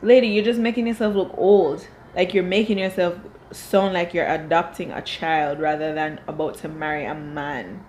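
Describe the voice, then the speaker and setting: A woman's voice: lowish voice, fairly even intonation, normal speed, hardly any pauses, a little mellow, slight background noise, low-quality recording. A woman reviewing a reality show from home, talking casually and firing off exasperated rhetorical questions. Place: home room.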